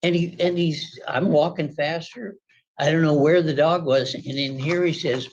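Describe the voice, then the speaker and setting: A man testifying at a court hearing, telling his side with lively acted-out quotes of shouting. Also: on the high side, moderate pace, dull audio. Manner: animated, acts out quoted shouting.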